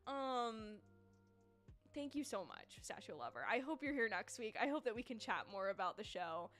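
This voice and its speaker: A woman's voice: fairly high pitch, big pitch swings, normal speed, a bit bright, soft background music. A young woman hosting a live reaction stream, talking casually to her viewers in a chatty, gushing and emotional way. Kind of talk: casual livestream chat.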